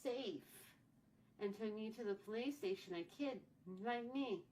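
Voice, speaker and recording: A woman's voice: fairly high pitch, unhurried, a little mellow. A woman in her forties tells a childhood story in a casual vlog, rambling and repeating her phrases as she goes. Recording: distant mic, faint background noise.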